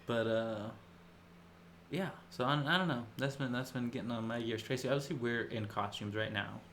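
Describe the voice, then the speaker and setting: A man's voice: medium pitch, normal speed, fairly bright tone, slight background noise. A man co-hosting a podcast in casual chat, rambling and jokey, mocking himself with a grin. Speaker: podcast co-host.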